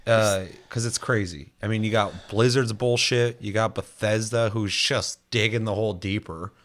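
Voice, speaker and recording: A man's voice: lowish voice, moderate pace. A man co-hosting a casual chat about video games, cursing freely and acting out the voices of the people he quotes. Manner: animated, swears a lot, acts out quoted voices. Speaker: podcast co-host.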